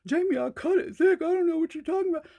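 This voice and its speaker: A woman voicing her exasperated husband, a cook, as quick, high and defensive. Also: warm tone, no echo, clean studio sound.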